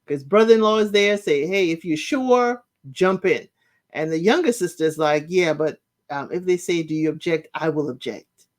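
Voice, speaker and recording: A woman hosting a casual recap, chatty and opinionated, often saying "you know" and acting out quotes with jumps in pitch. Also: normal speed. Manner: acts out quotes with shifting pitch. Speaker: recap podcast host. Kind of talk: casual reality-show recap commentary.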